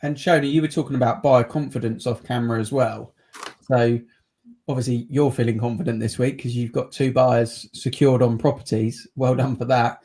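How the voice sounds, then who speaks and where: A man's voice: medium pitch, steady tone, moderate pace, warm tone. A man hosting a casual property chat on a video call, chatty and teasing. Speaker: podcast host, estate agent.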